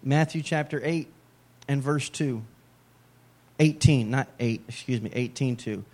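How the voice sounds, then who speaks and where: A man's voice: mid-range voice, moderate pace, a little mellow. A middle-aged man preaching a sermon as a pastor, in a conversational way with joking asides.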